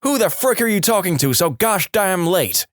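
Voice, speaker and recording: A man voicing a furious middle-aged mother who yells and scolds in a high, strained voice. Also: very animated, normal speed, dry recording, clean studio sound. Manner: yelling, scolding.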